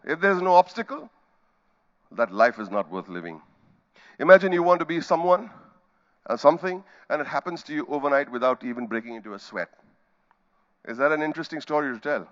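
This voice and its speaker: A man's voice: a little high, lively intonation, a little fast, long pauses, a bit bright, highs cut off. A middle-aged man with an Indian accent giving a storytelling keynote, acting out scenes with sound effects and quoted voices. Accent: Indian English. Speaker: keynote speaker. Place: conference hall stage.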